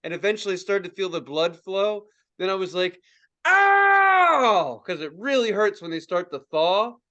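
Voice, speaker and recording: Profane, animated man telling a story. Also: fairly quick, highs cut off. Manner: profane, animated, acts out quotes in high yelps. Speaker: podcast co-host. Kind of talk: casual storytelling chat.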